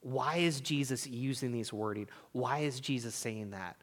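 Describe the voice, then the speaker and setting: A man in his thirties preaching a sermon in a church, chatting casually and swinging between loud emphasis and hushed, near-whispered lines. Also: medium pitch, normal speed. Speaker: pastor. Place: church sanctuary.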